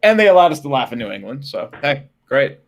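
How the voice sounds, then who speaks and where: A man's voice: mid-range voice, big pitch swings, brisk, creaky. A man co-hosting a casual sports podcast, blunt and wisecracking. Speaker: podcast co-host.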